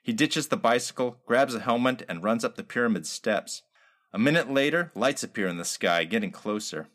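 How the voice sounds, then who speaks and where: Man, story narrator, wry, deadpan, hard-boiled. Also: mid-range voice, moderate pace. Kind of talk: scripted narration of a comic detective story.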